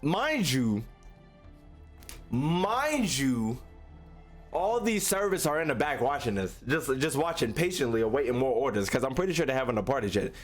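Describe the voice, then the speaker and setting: A male gaming YouTuber reacts to a story scene with excitable, joking commentary full of slang. His pitch sits in the middle of the male range. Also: normal speed, soft background music. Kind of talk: casual gameplay commentary.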